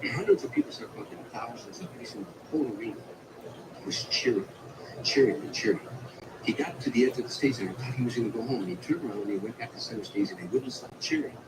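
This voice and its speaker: A man, an entertainer, telling a long anecdote about a night on tour in a slow, vivid way. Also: medium pitch, far from the mic, background noise. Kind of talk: storytelling anecdote.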